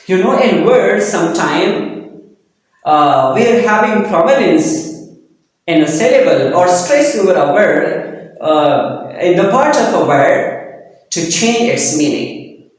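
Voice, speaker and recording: A man giving a recorded lecture, explaining slowly with frequent fillers. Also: high voice, expressive. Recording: very echoey long-reverb room.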